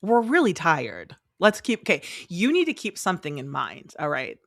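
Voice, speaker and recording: Jokey, animated woman podcast co-host. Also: on the low side, moderate pace, gravelly, dry recording, clean studio sound. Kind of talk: casual chat.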